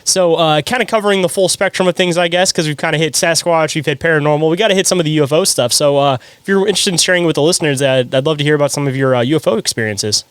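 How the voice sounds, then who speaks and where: A man hosting a podcast and asking questions in a relaxed, casual way, with many fillers. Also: a little high, very fast, hardly any pauses, clear, resonant tone, no room sound. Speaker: podcast host. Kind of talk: casual interview.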